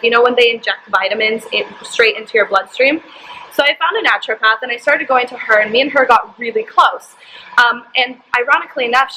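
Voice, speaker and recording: A woman's voice: fairly high pitch, bright, forceful tone, slight background noise, low-quality recording. A young woman vlogger telling a personal story to camera, candid and emotional, with lots of "like" fillers. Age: young adult.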